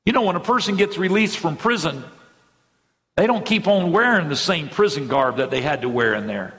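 A middle-aged male pastor preaching a sermon with fervent energy, speeding up and slowing down as he drives points home. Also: a little high, animated, a bit bright. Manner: fervent preaching with sudden swings in pace. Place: church sanctuary. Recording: church hall reverb.

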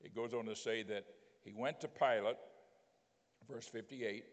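A man preaching a sermon as a bishop, telling scripture stories in a plain, homely way with frequent pauses and "uh"s. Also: fairly low pitch, steady tone, long reverb tail. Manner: plain-spoken storytelling preaching with frequent "uh" and drawn-out emphasis.

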